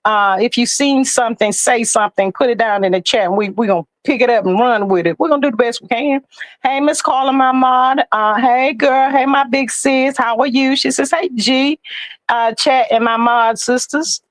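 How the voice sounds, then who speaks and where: A woman hosting a casual livestream, greeting viewers and reading their comments aloud in a lively, chatty way. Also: fairly high pitch, moderate pace, dry recording, rough recording. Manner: lively and chatty, with Southern American slang. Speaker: livestream host.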